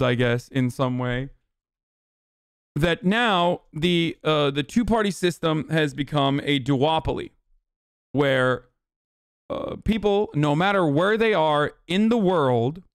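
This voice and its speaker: A man's voice: lively intonation, clean tone, dry recording, clean studio sound. A man doing livestream political commentary, ranting heatedly with lots of swearing and mocking his chat with sarcasm. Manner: profane, heated, rapid ranting; mocks chat in a sarcastic high voice.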